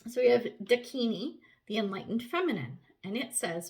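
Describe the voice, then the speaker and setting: A woman giving a casual tarot reading to camera, chatty and animated, swearing freely and laughing often. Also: on the high side, moderate pace, hardly any pauses. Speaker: tarot reader.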